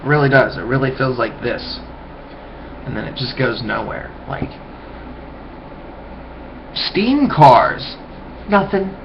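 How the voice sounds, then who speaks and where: A man's voice: medium pitch, sing-song, slow, vocal fry, pauses often. A man rambling through a loose, profane webcam monologue, often trailing off and mumbling. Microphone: webcam mic. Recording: dull lo-fi webcam audio, faint hiss.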